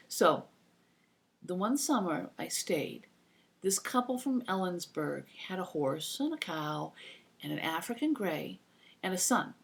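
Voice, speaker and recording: A woman in her fifties telling rambling personal stories to her computer mic, acting out the voices of the people she quotes. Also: lowish voice. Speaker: vlogger. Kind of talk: casual anecdotal storytelling.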